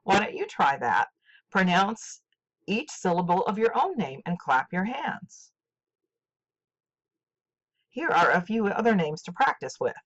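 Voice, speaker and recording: An older woman teaching a scripted literature lesson, speaking slowly and deliberately with clear enunciation. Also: on the low side, very animated. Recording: dull lo-fi recording.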